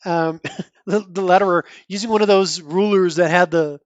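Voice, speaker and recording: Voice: mid-range voice, fairly even intonation, moderate pace, no room sound, highs cut off. A podcast host in their thirties or older giving casual, rambling commentary on a comic book. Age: 30s or older. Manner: chatty, rambling, frequent restarts and laughs.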